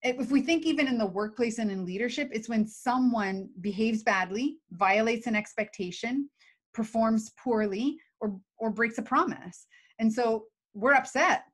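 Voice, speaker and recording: A woman with a fairly high voice, chatting as a guest expert in a casual live video call. She explains with energy and acts out little examples along the way. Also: moderate pace. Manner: animated, explains with acted examples. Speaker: guest expert on emotional intelligence.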